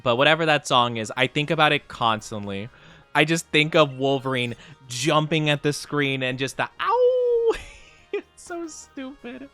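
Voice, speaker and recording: A young man chatting casually on a live stream, rambling and self-deprecating, often jumping into high squeals. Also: moderate pace, sharp tone, clear, resonant tone, faint music behind.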